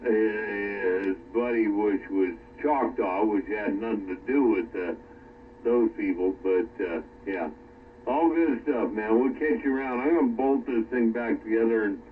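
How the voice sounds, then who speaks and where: A man chatting casually from his workshop, rambling and halting with plenty of fillers. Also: fairly low pitch. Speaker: radio chat participant. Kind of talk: casual chat. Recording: distant, phone-like radio with faint noise.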